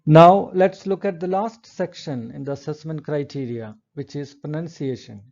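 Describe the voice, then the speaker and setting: A man giving a recorded English lecture, explaining step by step in a measured way and reading example sentences aloud. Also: fairly high pitch, creaky, darkish tone, dull audio.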